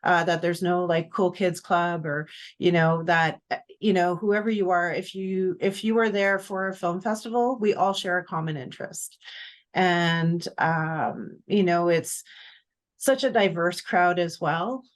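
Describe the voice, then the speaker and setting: Warm-voiced hesitant woman guest. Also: fairly low pitch, measured pace. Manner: hesitant, many fillers, laughs easily. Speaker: festival programmer, guest. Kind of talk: casual interview answer.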